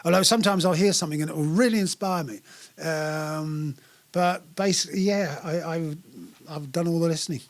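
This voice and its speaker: An older English musician being interviewed, telling long stories in a relaxed way with many restarts and fillers. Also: male voice, on the high side, normal speed. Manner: rambling storyteller with frequent restarts and fillers. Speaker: musician guest. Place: small live venue.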